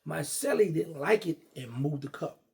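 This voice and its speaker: Gravelly-voiced man telling a story. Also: on the high side, normal speed. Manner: animated, acts out quoted dialogue. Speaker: guest storyteller. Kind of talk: casual storytelling.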